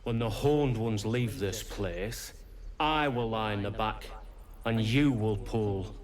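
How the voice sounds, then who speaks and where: An actor voicing a weary, sly talking ox in a video game. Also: male voice, lowish voice, slow, a crowd in the background. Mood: deadpan.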